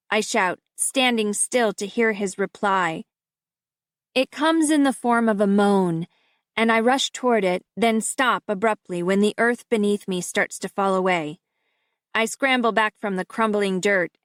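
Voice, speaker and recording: A woman narrating a novel in the first person, in a measured, steady storytelling manner on a close mic. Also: medium pitch, dry recording. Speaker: audiobook narrator. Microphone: close studio mic.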